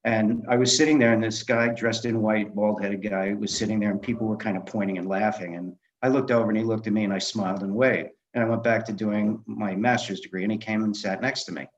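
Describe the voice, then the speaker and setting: A middle-aged man with a low, steady voice tells his stories in an animated way, jumping into the voices of the people in them. The audio is dull and slightly lo-fi, like a modest interview recording. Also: fairly quick, hardly any pauses. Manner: animated anecdotes, acting out quoted dialogue. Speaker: guest, film director and memoir author. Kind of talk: conversational storytelling interview.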